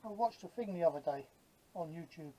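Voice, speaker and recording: A man in his fifties with a London Cockney accent chats casually while building models in his workshop, blunt, jokey and swearing freely. His voice is on the high side, expressive and mellow, fairly quick, and the recording quality is low.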